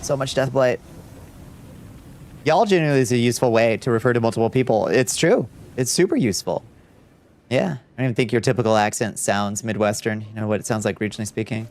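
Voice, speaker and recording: A young man streams a video game live as a VTuber, chatting casually, responding to chat and laughing easily as he comments on the gameplay. He talks fast in a mid-range, slightly mellow voice.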